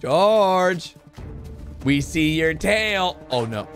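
Man, reaction host, excitable, lively swooping voice, loud music behind. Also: a little high, drawn-out words. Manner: excitable, blurts out reactions and cheers characters on. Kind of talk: excited gameplay reaction commentary. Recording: animation audio and music playing behind.

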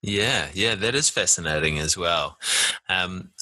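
A man hosting a podcast in a relaxed, casual way, laughing easily and swearing now and then. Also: deep voice, measured pace, no echo. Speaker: podcast host. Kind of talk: casual conversation.

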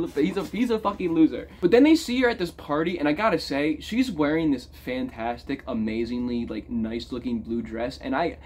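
A man rants about a film in a loose, animated way, his fairly high voice jumping up and getting loud when he is worked up. He swears freely and talks like he is chatting to friends. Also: husky. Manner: animated, swearing, big swings in pitch and loudness. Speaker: movie reviewer. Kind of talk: casual profane movie rant.

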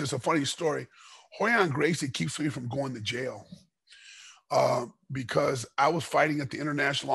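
A middle-aged man from the United States, a former fighter guesting on a podcast, telling stories in a casual, animated way and acting out the dialogue. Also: medium pitch, vocal fry, slightly rough, no room sound. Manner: animated storyteller, acts out dialogue. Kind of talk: casual storytelling interview.

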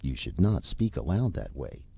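A man reading aloud, voicing a polite, persistent male ghost of an uncle who talks in a calm, reasoning way. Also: a bass voice, moderate pace, vocal fry, slightly rough, muffled recording, heavily acted. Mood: coaxing. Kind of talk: audiobook reading.

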